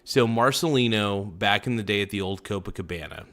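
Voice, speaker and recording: A man's voice: on the low side, normal speed, fairly bright tone. A man hosting a casual livestream, rambling and chuckling in a loose, jokey way. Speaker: livestream host.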